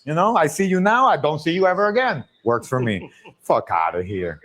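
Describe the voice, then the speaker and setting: A man telling casual stories on a livestream, profane and animated, laughing often. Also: a little high, a little fast. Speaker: streamer. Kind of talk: casual storytelling chat. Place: livestream room.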